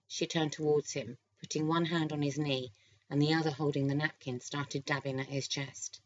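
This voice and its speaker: A woman reads a romance novel aloud in a calm, steady manner. Her voice is low. The recording has a slightly dull, lo-fi sound. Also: normal speed, a little hiss or hum. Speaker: audiobook narrator. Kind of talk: scripted narration.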